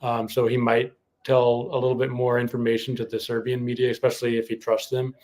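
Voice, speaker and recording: A man's voice: mid-range voice, monotone, a little fast, darkish tone. Hesitant man co-hosting a podcast. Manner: hesitant, many fillers and restarts. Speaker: podcast co-host. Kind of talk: casual chat.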